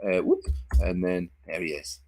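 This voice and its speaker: A man's voice: low voice, moderate pace, mellow, faint music behind. A man co-hosting a livestream in casual chat, laughing often and swearing freely as he banters. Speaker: livestream co-host.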